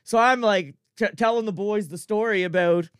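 A man with a Cape Breton accent tells a funny story in a loose, animated way, peppered with swearing, laughter and "like." His voice sits high and rings smooth and clear. The sound is close and dry, with no room around it. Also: moderate pace, dry recording. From Cape Breton, Canada. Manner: animated, profane, laughs often, fills with "like" and "I'm telling you". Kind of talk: casual comic anecdote.

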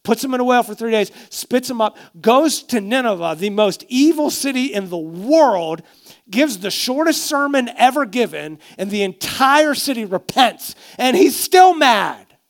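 A male pastor preaching a sermon, telling stories expressively, dropping to a hush and then rising loud. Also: very high-pitched, lively intonation, normal speed.

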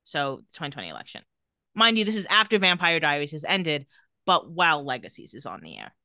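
A woman's voice: low-pitched, very animated, a little fast, sharp tone, dry recording, clean studio sound. A woman co-hosting a casual podcast, recounting tweets with wry commentary. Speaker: podcast co-host.

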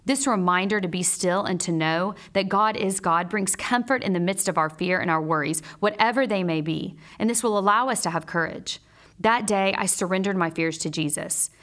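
A woman and mother teaching a Bible lesson in a measured, earnest way, mixing scripture with personal stories. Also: on the low side, a bit bright.

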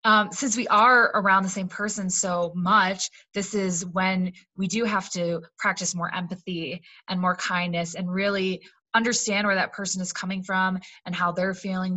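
A woman with a rather low yet bright, forward voice offers earnest advice in a casual chat. She leans on "like" and "um" as she goes. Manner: earnest, with frequent "like" and "um".

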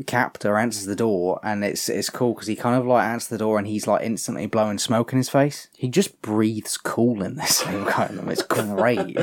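A man's voice: fairly low pitch, normal speed, hardly any pauses. A man in casual chat, animatedly recapping a TV episode, swearing freely and acting out the characters' lines.

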